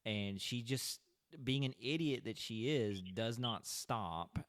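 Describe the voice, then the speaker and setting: A man's voice: medium pitch, slow pace, a bit bright, no echo. A man co-hosting a podcast, leading a casual movie recap and putting questions to his co-hosts. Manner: leads the discussion, quizzing co-hosts by name. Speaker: podcast co-host.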